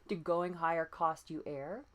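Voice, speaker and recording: A woman voice coach leading breathing and pitch exercises, patient and encouraging, often demonstrating breathy sighs. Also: fairly even intonation, a little slow, fairly bright tone. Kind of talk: guided voice exercise lesson.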